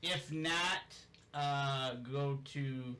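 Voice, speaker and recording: A man hosting a casual show, wrapping up with upbeat shout-outs. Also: mid-range voice, steady tone, very slow. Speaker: host.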